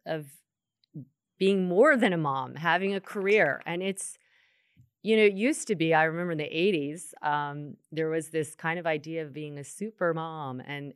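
A woman's voice: low-pitched, clean tone, no room sound, studio quality. A middle-aged woman hosting an interview, responding in an empathetic, affirming and thoughtful way. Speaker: host. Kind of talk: interview conversation.

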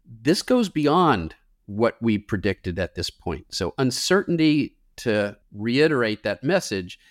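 A man's voice: mid-range voice, big pitch swings, slow, no echo, studio quality. A climate scientist man answering interview questions in an earnest, explanatory way with occasional fillers.

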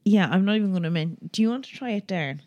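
A woman's voice: mid-range voice, animated, rapid-fire, a little mellow, dry recording, highs cut off. An Irish woman co-hosting a podcast, chatting casually and laughing as she tells stories. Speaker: podcast co-host. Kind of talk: casual chat.

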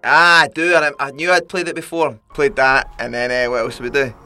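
A man's voice: mid-range voice, steady tone, a little fast, sharp tone, faint music behind. A Scottish man co-hosting a podcast, telling rambling stories in casual chat with laughs between. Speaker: podcast co-host.

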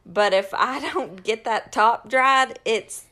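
A woman in her thirties co-hosting a casual podcast, expressive and quick to laugh, venting with playful mock outrage. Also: a little high. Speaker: podcast co-host. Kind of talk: casual chat.

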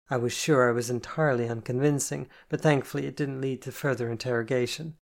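An audiobook narrator reading a first-person novel in a soft, even delivery. The voice sits at a middle pitch with a distinctly gravelly, creaky texture. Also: fairly quick, hardly any pauses.

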